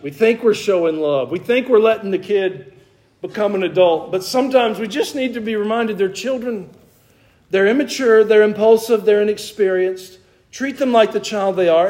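A man's voice: sits high, darkish tone. A middle-aged man preaching a sermon as pastor, talking conversationally, with self-deprecating humor and emphatic exhortations.

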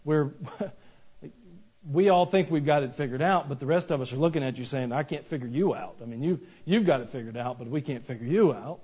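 A man preaching a sermon, animated and joking, with rhetorical questions to the congregation. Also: medium pitch, a little fast, husky. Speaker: pastor. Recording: dull lo-fi recording.

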